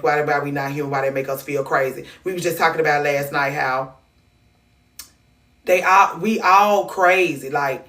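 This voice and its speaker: Heard from a distance, an Atlanta woman with a low-pitched, fairly bright voice hosts a laid-back livestream. She reacts to clips and viewer comments, swearing freely, speaking candidly, and often wandering off and starting sentences over.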